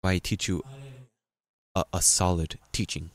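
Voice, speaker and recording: A male pastor preaching a sermon in an emphatic, repetitive way, rising into loud peaks. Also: low voice, little pitch movement, unhurried, no room sound.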